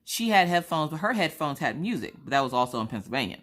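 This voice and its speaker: A woman's voice: low voice, very animated, quick pace, fairly bright tone. A woman from South Carolina, a craft vlogger, telling an anecdote in a chatty, blunt way. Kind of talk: casual storytelling chat.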